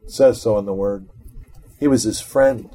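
A man's voice: fairly low pitch, moderate pace, dark tone, slightly rough. A middle-aged man leading an informal Bible study, reading verses aloud and then commenting on them in a conversational way.

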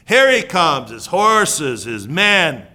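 A male preacher delivers a sermon with a bright, slightly high voice. He talks casually and jokes with the congregation. He moves between hushed asides and loud outbursts. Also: big pitch swings, slow.

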